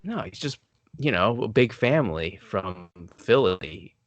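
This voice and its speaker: A man's voice: fairly low pitch, measured pace, no room sound. A man hosting a podcast, telling stories in casual chat and laughing often. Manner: laughs often, animated storytelling. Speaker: podcast host.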